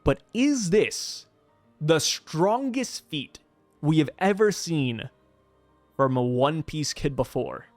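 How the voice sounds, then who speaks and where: A man hosting his own manga review videos, talking casually with excitable, slangy asides. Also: fairly high pitch, takes it slowly, no echo, soft background music. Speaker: manga review channel host.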